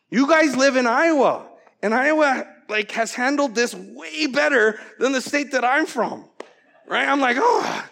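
Man, pastor, sermon, high voice, animated, loud-to-hushed swings. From from outside the US, naturalized American.

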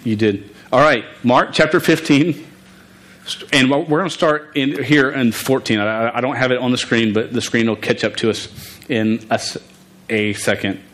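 A man's voice: medium pitch, moderate pace, fairly bright tone, poor audio. Stuttering man preaching a sermon. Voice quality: stutters on word beginnings. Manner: earnest, informal, restarts often. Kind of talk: sermon with scripture reading.

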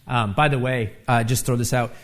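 A man preaching a sermon, animated and conversational, with asides and tag questions, rising loud when he acts out the taunts. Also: mid-range voice, moderate pace. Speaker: pastor.

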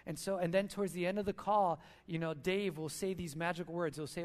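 A man with a notably high-pitched voice preaches a sermon. He talks in an earnest, storytelling way, as a speaker addressing his church. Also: fairly even intonation, a little fast, hardly any pauses.

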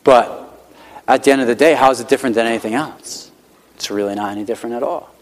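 In a hall with long reverb, a pastor speaks quickly in a mid-range voice, delivering his sermon conversationally, hammering key lines through repetition and frequently saying "like."

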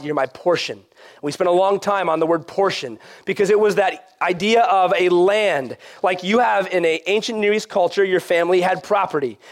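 A middle-aged pastor preaching a casual, conversational sermon that moves between animated and quiet passages. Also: male voice, high-pitched.

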